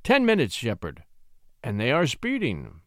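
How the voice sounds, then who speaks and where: A man's voice: fairly high pitch, big pitch swings, moderate pace, no room sound, studio quality. A man reading the part of a domineering aristocratic older uncle who gives curt, commanding orders. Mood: imperious.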